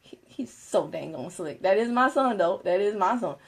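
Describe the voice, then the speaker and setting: A chatty, animated woman, hosting a casual Facebook Live and laughing often as she talks to viewers. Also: medium pitch, normal speed. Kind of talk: casual live-stream talk.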